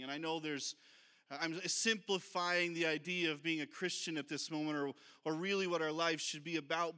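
Leading his congregation, this male pastor sings slowly after preaching in a sincere, thoughtful, conversational manner. The voice sits fairly high and sounds pushed, bright, and smooth.

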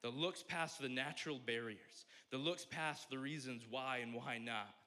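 A young man preaching a sermon as a pastor, telling stories in an animated way and acting out the voices. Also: medium pitch, normal speed. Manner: animated storytelling, acts out voices.

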